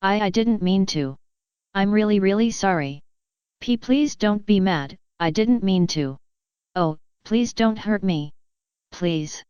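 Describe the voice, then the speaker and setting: A woman's voice: mid-range voice, lively intonation, slow, darkish tone, clear, resonant tone, no echo, lo-fi sound. A woman voicing a timid young filly pony who stammers and apologizes, in a storybook reading. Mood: tearful.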